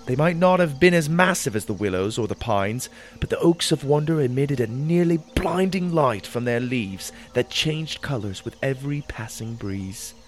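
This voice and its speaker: A man narrating a children's fantasy story in the first person, with an expressive, wonder-filled delivery. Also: medium pitch, moderate pace, hardly any pauses, soft background music.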